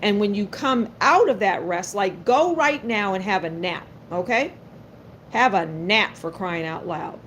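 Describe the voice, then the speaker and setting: Slow-talking blunt woman tarot reader. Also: mid-range voice, lively intonation, fairly bright tone, slight background noise. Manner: blunt, sassy, talks straight to viewers. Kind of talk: live-stream tarot reading.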